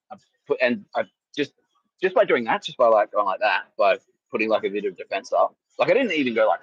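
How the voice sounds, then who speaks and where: A man hosting a comedy podcast, telling a rambling story with lots of swearing, laughter and loudly acted-out quotes. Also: mid-range voice, animated, quick pace, husky, dry recording, lo-fi sound. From Australia. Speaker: podcast host.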